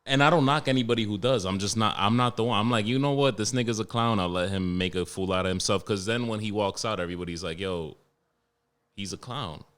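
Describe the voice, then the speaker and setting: Young man, very deep voice, from New York, profane, animated, podcast host. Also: a little fast, clear, resonant tone. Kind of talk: casual podcast chat.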